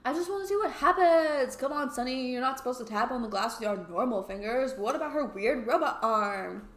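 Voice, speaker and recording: A loud, sneering schoolboy who whines and taunts the others, as a woman plays him in a game. Raised and high-pitched, with a roomy echo around it. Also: expressive, a little fast. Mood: whining. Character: obnoxious smug schoolboy, rude show-off. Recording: roomy echoey room.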